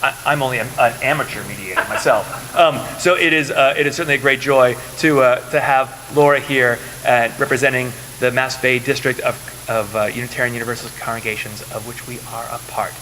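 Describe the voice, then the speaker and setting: A man's voice: mid-range voice, steady tone, a little fast, sharp tone. A man introducing a guest preacher at a church service, earnest and enthusiastic, stumbling over a few fillers. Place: church sanctuary. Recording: reverberant church hall, faint hiss.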